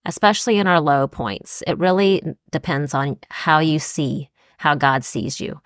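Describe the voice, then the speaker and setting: A woman's voice: deep voice, measured pace, dry recording. Earnest woman podcast co-host, dry sound. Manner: earnest, reflective, cites scripture. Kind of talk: Christian podcast talk.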